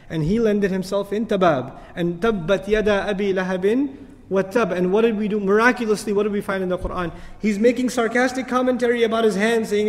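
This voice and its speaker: A male lecturer teaches scripture in a rapid, high-pitched voice. He builds to emphatic peaks, then drops into soft asides. His voice carries a long hall reverb. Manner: recites Arabic verses in quick chanted bursts. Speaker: Islamic lecturer. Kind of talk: lecture on the Quran.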